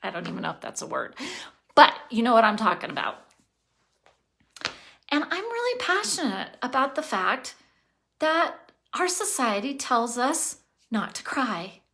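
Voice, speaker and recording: A woman speaks straight to her viewers in a relaxed vlog, slow and thoughtful. Her voice sits a little high and rings bright. She comes across as earnest and passionate, pausing to sigh as she thinks aloud. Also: creaky. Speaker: vlogger. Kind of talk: casual vlog monologue.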